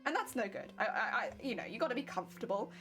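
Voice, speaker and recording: A woman's voice: a little high, animated, fast talker, a bit bright, soft background music. A young woman, chatting casually and laughing often as she talks to viewers on her craft live stream.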